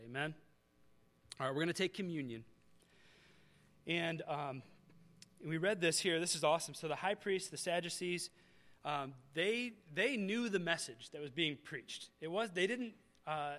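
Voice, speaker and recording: A man's voice: a little high, fairly bright tone. Conversational male pastor preaching. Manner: conversational preaching, rising to emphatic peaks. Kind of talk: sermon.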